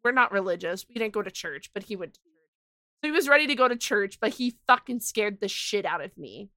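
Bright, laughing young woman telling stories. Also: medium pitch, fairly quick, dry recording, studio quality. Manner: animated, laughing, swearing storyteller. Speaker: podcast co-host. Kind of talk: casual chat, storytelling.

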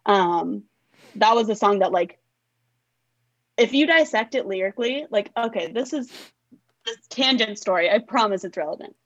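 A woman's voice: medium pitch, expressive, normal speed, long pauses, no echo, muffled recording. A young woman songwriter chatting in an interview, rambling and circling back with lots of filler words. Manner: rambling, filler-heavy with frequent "like". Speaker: songwriter guest. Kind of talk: casual interview chat.

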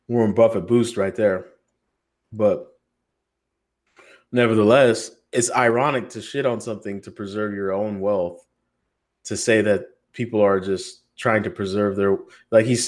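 An American man co-hosting a podcast roundtable, talking in a loose, joking, profane, rambling way. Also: fairly low pitch. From United States. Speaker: podcast co-host. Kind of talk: casual roundtable chat.

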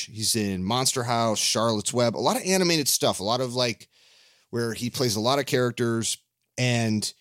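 A man's voice: mid-range voice, no echo. Enthusiastic swearing man, dry close sound. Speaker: podcast co-host. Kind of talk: casual chat.

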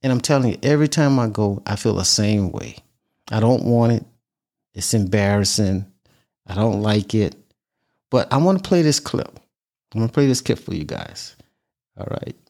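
Gravelly-voiced earnest male vlogger. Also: on the low side, animated, moderate pace, long pauses, a little mellow. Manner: earnest, repeats himself for emphasis. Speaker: vlog host. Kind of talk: casual talk to camera.

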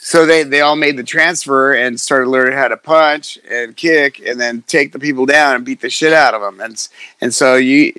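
A middle-aged man, a fighter, telling stories in casual chat, profane and animated, acting out quotes. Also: medium pitch, normal speed, smooth, no room sound. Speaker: guest, fighter.

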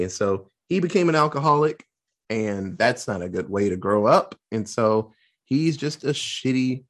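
A man casually recapping a film plot, swearing freely and acting out the characters' lines in quick put-on voices. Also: medium pitch. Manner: loose, profane, acts out quotes in quick voices. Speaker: podcast host recapping a film. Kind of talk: casual chat.

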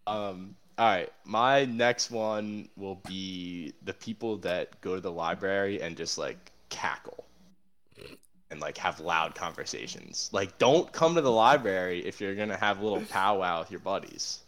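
A man's voice: low voice, a little slow, fairly bright tone. A young man co-hosting a podcast, telling stories in an easygoing, casual way. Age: young adult. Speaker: podcast co-host. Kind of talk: casual chat.

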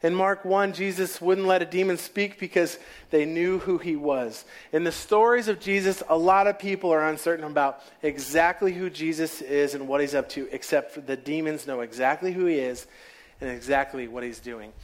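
High-voiced male preacher. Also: normal speed. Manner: storytelling, dropping to quiet asides. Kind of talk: sermon.

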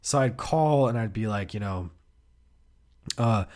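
A man's voice: lowish voice, lively intonation, normal speed, darkish tone, dry recording, clean studio sound. A man hosting his own podcast, telling rambling, profane stories in a laid-back way. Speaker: podcast host. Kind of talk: casual comedic storytelling.

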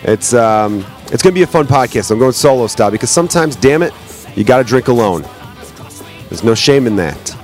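A man's voice: medium pitch, expressive, fairly quick, a little mellow, soft background music. A man hosting his own podcast as a comedian. He talks in loose, joking, profane bar-talk banter, recorded on a podcast microphone at home. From United States. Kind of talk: casual solo podcast chat.

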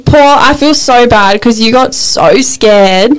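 A woman's voice: on the high side, slow pace, clear, resonant tone, poor audio. Chatty young woman. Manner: animated storyteller, lots of fillers. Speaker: podcast co-host. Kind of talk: casual chat.

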